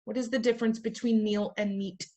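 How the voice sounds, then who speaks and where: A woman's voice: fairly high pitch, steady tone, brisk, warm tone. A woman teaching a class in a playful way, firing questions at her students and tossing in jokey asides. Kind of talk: classroom lecture.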